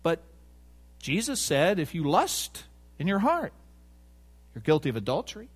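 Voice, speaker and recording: Animated male preacher with lively pitch. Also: measured pace, husky. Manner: emphatic, rhetorical questions, stresses key words. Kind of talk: sermon.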